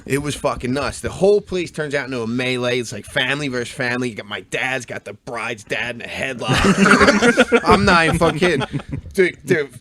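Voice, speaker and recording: Profane, animated Philly-storyteller man. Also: medium pitch, a little fast, heavy background noise. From Delaware County, Pennsylvania. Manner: profane, animated, acts out voices in anecdotes. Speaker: podcast guest. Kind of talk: casual storytelling chat.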